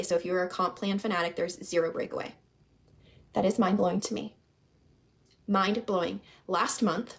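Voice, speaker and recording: A young woman recruiter giving an emphatic, repetitive sales pitch to her team, often calling them "you guys". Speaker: network marketing recruiter.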